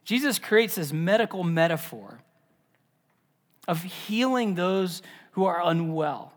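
A man preaching a sermon as pastor, animated, dropping to a whisper for emphasis. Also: high-pitched, slow pace, big-room sound. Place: church.

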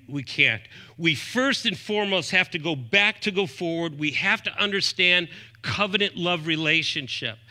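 A man in his fifties preaching a sermon as pastor, emphatic, moving between raised points and soft asides, quoting scripture references. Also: high-pitched. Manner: often quotes scripture references aloud.

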